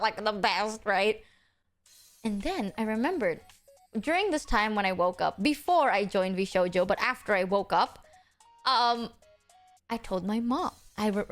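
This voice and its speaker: Animated young woman telling a story. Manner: animated, acts out quotes with big pitch jumps; casual, swears freely. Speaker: streamer. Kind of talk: casual storytelling on a live stream.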